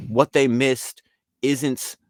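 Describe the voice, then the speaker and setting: A man with a medium-pitched voice speaks very slowly on a dry, clean studio recording. He's a guest artist and league founder appearing on an interview podcast, chatting casually and rambling in an animated way while acting out other people's quotes in different voices.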